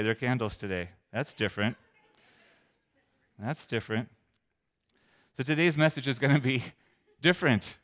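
A male pastor preaching a sermon in a church sanctuary, talking in a conversational, playful way and stressing single words with long pauses. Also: medium pitch, fairly bright tone.

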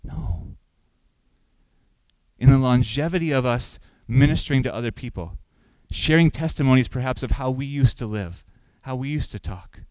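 A man's voice: medium pitch, darkish tone, dry recording, rough recording. Male pastor, sermon delivery, questioning and emphatic, dry close recording. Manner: asks the congregation questions, rising for emphasis.

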